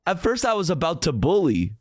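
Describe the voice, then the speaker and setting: Lively, excitable man streamer. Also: on the high side, a little fast, dry recording, studio quality. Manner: swears freely, laughs often, loose and excitable. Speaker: streamer reacting to clips. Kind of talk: casual chat.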